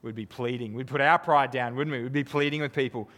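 A man preaching a sermon, earnest and conversational, who keeps asking his listeners tag questions and swings from emphatic peaks down to low, quiet lines. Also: steady tone, fast. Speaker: pastor. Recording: long reverb of a hall.

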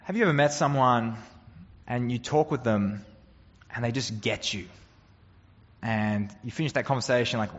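A man preaches a sermon in an easy, conversational way, earnest and full of rhetorical questions. His voice sits at a middle pitch and carries a long reverb from the hall. The recording has a slightly dull, muffled tone. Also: moderate pace, long pauses. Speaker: pastor.

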